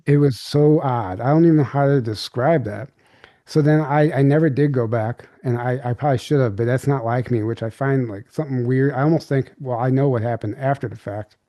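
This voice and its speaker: A man's voice: mid-range voice, a little fast, dark tone, no room sound. Rambling man telling a strange story. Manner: rambling, filler-heavy recounting with many restarts. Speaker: podcast guest. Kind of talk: candid storytelling.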